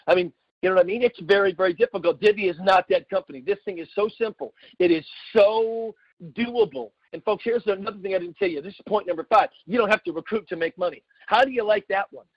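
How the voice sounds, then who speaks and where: A middle-aged man from the United States giving an emphatic, repetitive sales pitch with folksy asides. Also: fast talker, no echo. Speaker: network marketing presenter. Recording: dull lo-fi sound.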